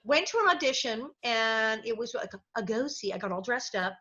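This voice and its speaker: A middle-aged woman, a former child actress, telling lively stories as an interview guest and acting out the people she quotes. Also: on the high side, normal speed. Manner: animated storyteller, acts out quotes with big laughs. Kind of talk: casual storytelling interview. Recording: dull lo-fi audio.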